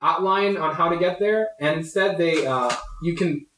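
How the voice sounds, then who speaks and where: A young man running a tabletop game as game master, narrating in a halting way full of fillers and laughing often. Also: a little high, fairly bright tone, slight background noise. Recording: echoey room.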